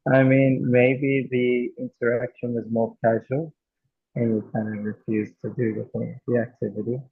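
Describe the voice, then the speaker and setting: A man from Australia talks in a loose, rambling way, leaning on filler words as he shares a story in a class discussion. His voice is gravelly and husky. The recording is dry and slightly dull. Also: medium pitch, no room sound. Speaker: devotee sharing experience.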